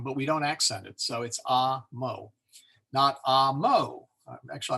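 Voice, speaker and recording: A man gives an informal lecture on Latin pronunciation in a slightly husky voice. He talks loosely and hesitantly, with frequent fillers and self-corrections. His pitch sits in a middle range. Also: fairly bright tone. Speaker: Latin teacher.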